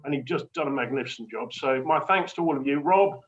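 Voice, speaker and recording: A man's voice: mid-range voice, brisk. Gushing man on a lo-fi call. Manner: effusive, grateful, stammers into phrases. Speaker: charity representative guest. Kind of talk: casual video-call chat.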